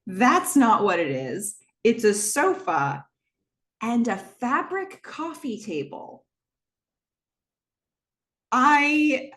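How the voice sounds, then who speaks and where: Female podcast host, casual enthusiastic recap voice, medium pitch. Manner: chatty, enthusiastic, acts out quoted dialogue.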